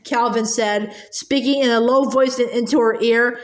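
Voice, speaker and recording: A woman reads a novel aloud in a high voice. She stumbles and restarts on words now and then and lifts her pitch for the dialogue. The room around her is echoey. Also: measured pace, hardly any pauses. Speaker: reader.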